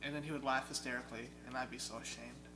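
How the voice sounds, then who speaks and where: A young man in a casual chat about video games, an excitable storyteller who mimics game sounds. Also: mid-range voice, fast talker, over loud music. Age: young adult. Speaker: guest. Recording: loud steady hum behind.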